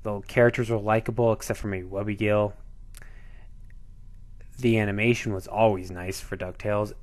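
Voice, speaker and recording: A young man in his twenties hosts a casual countdown review. His voice sits slightly low, and he talks with easy enthusiasm. He often repeats himself to drive a point home. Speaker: video host.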